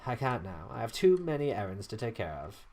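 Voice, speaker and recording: A brusque young rival who waves people away, as a man voices him in a game playthrough. He speaks low and clipped, and sounds impatient and busy. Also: very animated, fairly quick, a little mellow. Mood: taunting. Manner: brusque, dismissive.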